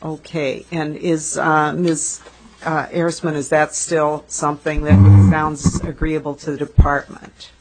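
A woman's voice: deep voice, measured pace, darkish tone, a little hiss or hum, rough recording. Hesitant woman chairing a hearing. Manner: hesitant, many fillers and restarts. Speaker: committee chair. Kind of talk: legislative committee hearing.

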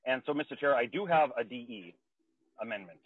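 A breathless man testifies over a thin, phone-like line with no room around the voice. His speech is halting and full of fillers and restarts. His pitch sits at a middling level. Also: expressive, husky, no room sound. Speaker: state legislator presenting a bill. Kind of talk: remote committee testimony. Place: outdoors near a car. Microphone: phone call. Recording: tinny dry phone line.

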